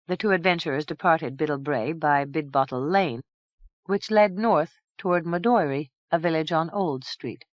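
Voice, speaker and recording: A woman reading a fantasy novel aloud in a measured, even storytelling manner. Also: low voice, no echo. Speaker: audiobook narrator. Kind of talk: scripted narration.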